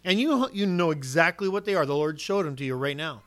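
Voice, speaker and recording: A man delivering a sermon with a fairly high voice. He preaches earnestly and directly, drops into quick acted-out lines of what people say, and keeps pressing the listeners with rhetorical questions. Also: animated, a bit bright.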